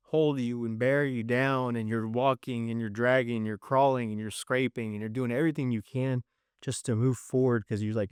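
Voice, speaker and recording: A man's voice: medium pitch, smooth, no room sound, clean studio sound. Earnest man telling a faith testimony. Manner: earnest storytelling, acting out quoted voices. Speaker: testimony speaker.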